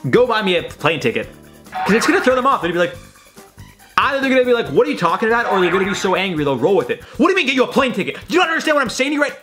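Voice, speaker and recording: A man's voice: a little high, a bit bright. A young man hosting a casual reaction video, rambling and swearing through his commentary. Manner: chatty, swearing, rambling with lots of likes. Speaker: host.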